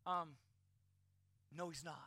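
A pastor preaches in an emphatic, rising and falling delivery. His voice is bright and forward. The sound is dry, with almost no room echo. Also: fairly high pitch, fairly even intonation, slow. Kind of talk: sermon.

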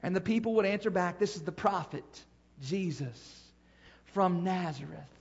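A man's voice: high-pitched, moderate pace, vocal fry, breathy edge, dull audio. A male pastor delivering a sermon, with an emphatic, rising and falling preaching cadence and repeated phrases.

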